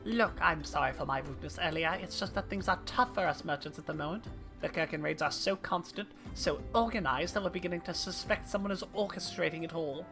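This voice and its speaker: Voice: medium pitch, a little fast, vocal fry, music in the background, lightly acted. A streamer voicing a struggling, wheedling small merchant while reading game dialogue aloud on stream. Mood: apologetic. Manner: theatrical read of game dialogue.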